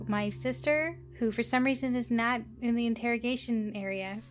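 A woman playing a tabletop game, narrating her character in a playful, casual way. Her voice is fairly high, with faint music behind. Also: moderate pace. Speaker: player.

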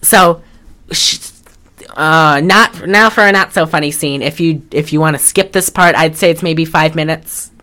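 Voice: mid-range voice, moderate pace, sharp tone. Rambling, chatty podcast co-host. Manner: rambling, chatty, with many fillers and restarts. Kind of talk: casual chat recapping a film.

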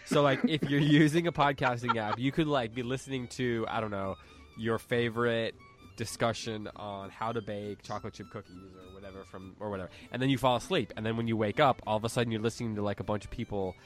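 A man's voice: mid-range voice, fairly even intonation, fast, soft background music. A man hosting a casual podcast chat, rambling and chuckling as he interrupts himself. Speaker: podcast host.

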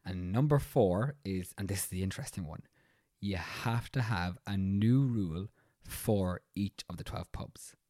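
A man's voice: low voice, unhurried, dark tone, dry recording, clean studio sound. An Irish man co-hosting a podcast in casual chat, playfully explaining rules step by step. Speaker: podcast co-host.

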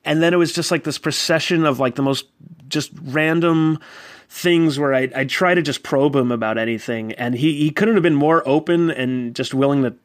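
A man in his thirties from New York telling a casual, animated personal story and acting out quoted voices. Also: a little high, moderate pace, no echo. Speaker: guest storyteller. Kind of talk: casual anecdote.

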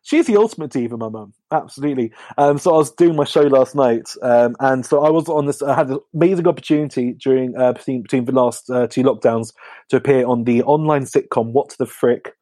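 English comic guest, slight lisp, warm relaxed timbre, lively casual anecdotes. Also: male voice, medium pitch, fairly quick, no echo. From England. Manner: chatty, animated storytelling. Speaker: comedian guest. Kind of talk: casual podcast chat.

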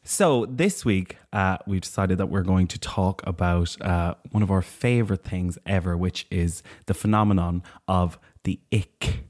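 A man's voice: low-pitched, unhurried, few pauses, a little mellow. An Irish man hosting a podcast in a teasing, jokey way. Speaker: podcast host. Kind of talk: casual chat.

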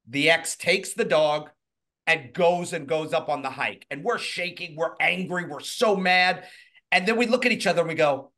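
A man with a fairly high voice spins a casual personal story. He is animated, slips into different voices for what others said, and swears freely. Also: moderate pace. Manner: animated, acts out quotes in shifting voices. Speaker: guest telling a personal story.

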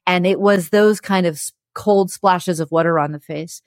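Frank, low-pitched woman telling a story. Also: normal speed, dry recording, studio quality. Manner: frank and emotional, laughing through hard memories. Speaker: interview guest, television producer. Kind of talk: candid conversational storytelling.

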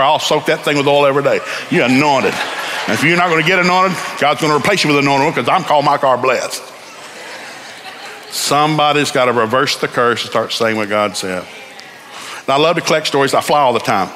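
A man preaching a sermon in a church, telling stories in an animated way and building up to shouts. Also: medium pitch, a little fast, a little hiss or hum. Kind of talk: sermon with storytelling.

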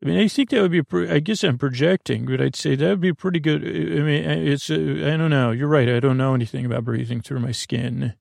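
Gravelly, soothing sleep podcast man. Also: fairly high pitch, fairly quick, hardly any pauses, dry recording, studio quality. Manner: meandering, hesitant, with many restarts; soft and soothing. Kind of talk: rambling bedtime monologue.

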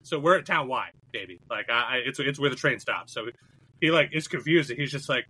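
A man co-hosting a podcast who tells stories in an animated, jokey way, swearing freely in casual chat. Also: medium pitch, a little fast, slightly rough, no room sound, rough recording. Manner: animated storyteller, jokey and profane. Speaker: co-host.

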